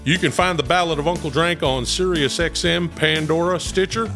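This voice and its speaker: A folksy country uncle. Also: male voice, fairly even intonation, moderate pace, fairly bright tone. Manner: folksy, hammy promo pitch. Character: folksy old country music pioneer uncle. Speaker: podcast ad spokesman. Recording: voice over a music bed.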